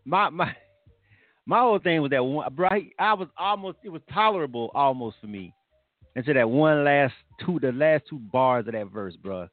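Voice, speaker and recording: A man's voice: fairly high pitch, lively intonation, moderate pace, dry recording. A man hosting a casual radio music review show, talking in a laid-back, slangy, profane way. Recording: tinny phone-like broadcast audio.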